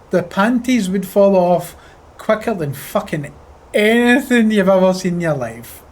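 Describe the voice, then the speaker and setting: A man's voice: high voice, a little mellow, breathy edge. A Scottish man chatting casually on a flight sim live stream, full of crude, profane joking banter with his chat. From Scotland.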